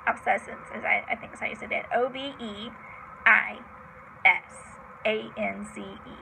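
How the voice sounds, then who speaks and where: A woman's voice: medium pitch, steady tone, normal speed, vocal fry, pushed and bright, slight background noise, low-quality recording. A woman teaching a vocabulary lesson, patiently spelling out words letter by letter with chatty asides.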